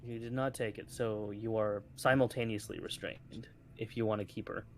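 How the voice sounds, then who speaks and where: A man acting as game master, describing scenes and calling for checks in a relaxed, casual way. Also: lowish voice, moderate pace, slight background noise. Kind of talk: narrating a tabletop game.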